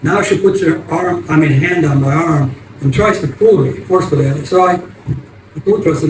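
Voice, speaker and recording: An older man tells his story in a halting, rambling way, his voice set a little high for a man. He sits back from the microphone, so the sound comes through echoey and distant. A steady hiss of noisy ambience runs underneath. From United States. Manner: rambling, halting, many restarts. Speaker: vlogger. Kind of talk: casual storytelling.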